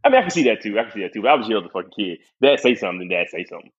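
A man's voice: lowish voice, sing-song, very fast, husky, dull audio. A young man telling a story in casual, profane chat, laughing often.

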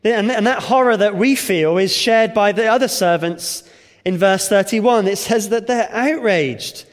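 Male preacher, high-pitched voice, expository sermon with rhetorical questions, hall reverb. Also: unhurried.

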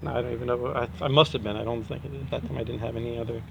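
A man's voice: medium pitch, steady tone, very fast, vocal fry, background noise. A man teaching in a chatty devotional talk, often restarting his sentences and chuckling as he explains. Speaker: spiritual teacher.

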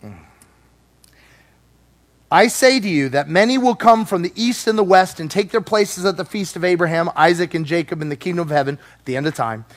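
A man preaching a sermon, animated and playful, acting out voices as he teaches. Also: high voice, fairly quick.

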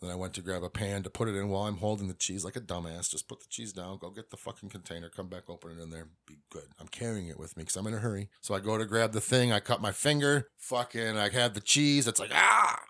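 A middle-aged man with a fairly low voice talks alone into a podcast mic. He rambles and swears freely as he confesses things, in a loose, casual way. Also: steady tone, fast, hardly any pauses, a bit bright. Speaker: podcast host. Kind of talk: casual monologue.

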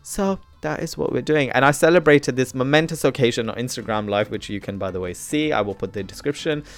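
A man hosting his podcast, chatty and animated, swinging from loud bursts to quiet asides. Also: medium pitch, fairly quick, faint music behind. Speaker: podcast host. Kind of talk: solo podcast intro.

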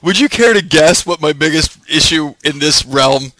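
Male podcast co-host: high, very expressive voice, laughs often, easygoing chat. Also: moderate pace, no room sound, low-quality recording.

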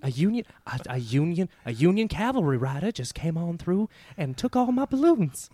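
A man voicing a flustered Southern gentleman who stammers and drawls. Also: fairly high pitch, big pitch swings, normal speed, no echo, pitched above the performer's own voice.

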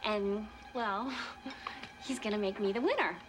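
An actress playing a cheerful, oblivious young roommate in a TV clip with music behind. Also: female voice, medium pitch, a little slow, close to an everyday voice. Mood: giddy. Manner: bubbly, oblivious. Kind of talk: TV drama acting.

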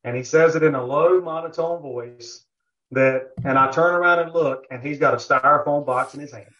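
A man with a somewhat high voice tells a long anecdote in a relaxed interview, looping back with fillers and asides as he goes. The audio is dull and lo-fi, with the top end muffled. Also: moderate pace. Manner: rambling anecdotal telling, many fillers. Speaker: competition barbecue cook, podcast guest. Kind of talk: casual storytelling interview.

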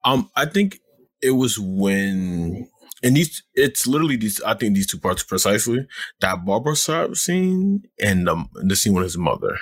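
A man in casual discussion, talking haltingly as he searches for words. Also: fairly low pitch, sing-song, breathy edge, no room sound. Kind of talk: casual chat.

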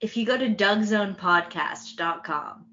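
A woman co-hosting a podcast in casual chat, dry and quick to laugh. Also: mid-range voice, a bit bright, highs cut off. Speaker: podcast co-host.

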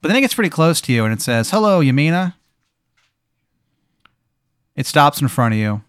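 A man telling a rambling, deadpan improvised story, full of fillers. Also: mid-range voice, racing, clear, resonant tone, dry recording, clean studio sound.

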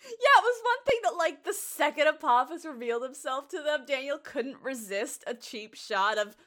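Giggly woman cohost, high voice that jumps all over, casual chat. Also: normal speed. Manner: giggly, animated, laughs often. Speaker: podcast co-host.

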